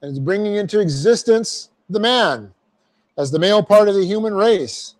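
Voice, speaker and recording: A man's voice: high voice, expressive, moderate pace. Man teaching a Bible class. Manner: explains Greek grammar step by step, dictating punctuation; folksy asides, repeats phrases for emphasis. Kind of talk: verse-by-verse Bible class lecture.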